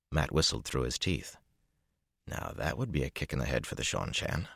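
A man narrates a fantasy novel in a measured, even voice. His voice is extremely deep. The recording is dry and close. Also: vocal fry, husky, dry recording. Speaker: audiobook narrator.

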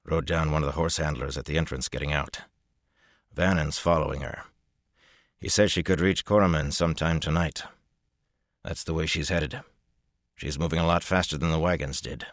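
A grim soldier gives his report quietly and plainly, read by a man with a very deep voice. The audiobook sound is dry and close. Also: steady tone, moderate pace, long pauses, dry recording. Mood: steady. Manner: quiet and matter-of-fact. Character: grim, terse mounted male soldier.

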